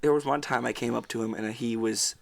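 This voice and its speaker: A young man with a gravelly, creaky voice talks loosely on a podcast. He rambles through stories, swears freely and laughs often. His pitch sits at a middle level for a man. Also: steady tone, brisk. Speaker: podcast co-host. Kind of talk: casual chat.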